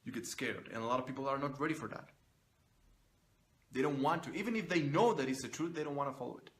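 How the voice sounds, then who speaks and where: A motivational vlogger records himself on his phone or camera, delivering a blunt monologue full of profanity and urging viewers to stand on their own. He talks quickly in a mid-range voice.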